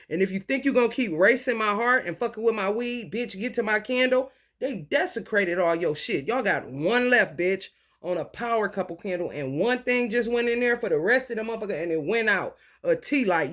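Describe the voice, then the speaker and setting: A woman in a profane, confrontational spiritual monologue, swinging between low mutters and loud outbursts. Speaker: vlogger.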